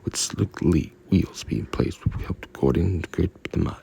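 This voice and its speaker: A man narrating a children's story in a hushed, confiding, slow read-aloud. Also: low voice, gravelly, slightly rough.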